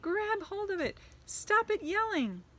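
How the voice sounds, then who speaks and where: A woman reading a storybook aloud voices a shrill, bossy female witch leader who screams orders at her followers. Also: sing-song, a little slow, fairly bright tone, heavily acted. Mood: screeching. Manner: screeching orders. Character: shrill commanding female Grand High Witch.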